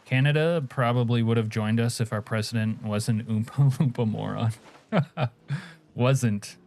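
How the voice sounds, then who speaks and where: A man from Alaska holds casual, foul-mouthed live-stream chat while gaming, joking, reacting to viewers' messages and laughing often. He has a medium-pitched, slightly mellow voice and a measured pace.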